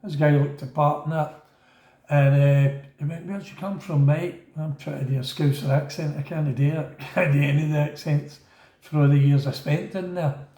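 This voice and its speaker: A man's voice: on the high side, moderate pace, dull audio. Glaswegian man telling a rambling story. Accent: Scottish, Glaswegian. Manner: rambling, animated, acts out quoted voices. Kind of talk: casual storytelling monologue. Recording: echoey room.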